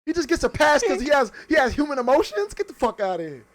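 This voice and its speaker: A man with a strikingly high voice, talking in casual podcast banter. He is emphatic and profane, and he hammers his points home by repeating himself. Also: big pitch swings, fast talker. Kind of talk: casual chat.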